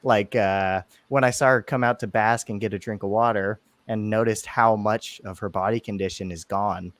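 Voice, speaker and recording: A man's voice: on the low side, fairly even intonation, moderate pace, no echo. A man co-hosting a podcast, chatting casually and laughing often between rambling asides. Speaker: podcast co-host. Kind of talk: casual chat.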